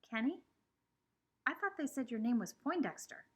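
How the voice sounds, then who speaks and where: A woman's voice: high-pitched, big pitch swings, normal speed, slightly rough, voice pushed up, exaggerated voice. A woman doing an eager, chatty country boy. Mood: friendly. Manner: drawling country talk, eager. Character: chatty friendly country boy, new kid.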